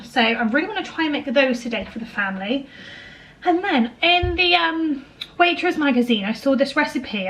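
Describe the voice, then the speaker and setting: A woman's voice: sits high, fairly bright tone, poor audio. A young woman vlogging casually from her kitchen, chatty, self-deprecating and a bit out of breath from tiredness. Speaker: vlogger, homemaker. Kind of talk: casual kitchen vlog chat.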